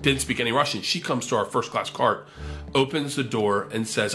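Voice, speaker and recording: A man telling a wild comedy story, animated and profane, acting out the quotes. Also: medium pitch, fairly quick.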